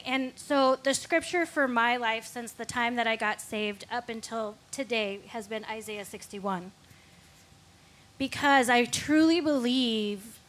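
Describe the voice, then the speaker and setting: A woman's voice: a little high, fairly bright tone. A woman giving a candid, reflective faith testimony as a guest on a Christian talk show.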